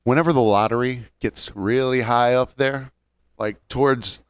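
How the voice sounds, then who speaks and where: Smooth-voiced man in his forties, ranting. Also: medium pitch, steady tone, dry recording. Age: 40s. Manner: joking, ranting, drawn-out storytelling. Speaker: podcast co-host. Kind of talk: casual chat.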